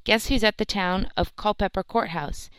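A woman's voice: medium pitch, moderate pace, a bit bright, smooth, no room sound, close to an everyday voice, low-quality recording. A woman doing a boastful, big pipe-smoking soldier. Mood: knowing.

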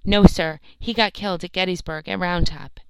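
Earnest young street boy, plucky and eager, put on by a woman narrator; clear voice. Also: on the low side, steady tone, normal speed, darkish tone, dry recording, poor audio.

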